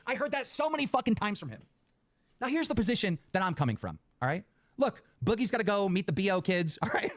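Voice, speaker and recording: A man's voice: sits high, sing-song, fast talker, dry recording. A man in a clip, ranting angrily at his audience and swearing constantly. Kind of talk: angry profane rant.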